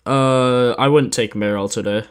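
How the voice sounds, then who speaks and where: A man's voice: mid-range voice, fairly even intonation, a little slow, smooth. A man hosting a sports betting livestream in casual chat, laid-back and slangy, sleepy after just waking up, reading stats aloud and answering chat.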